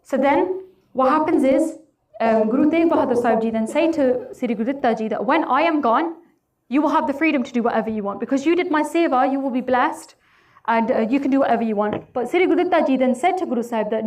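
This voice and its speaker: A woman with a high voice recounts a sacred story earnestly, slipping into quoted speech as she goes. She sounds set back from the microphone, a little distant. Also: quick pace, a little mellow. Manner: earnest, retelling with quoted dialogue. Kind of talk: religious storytelling talk.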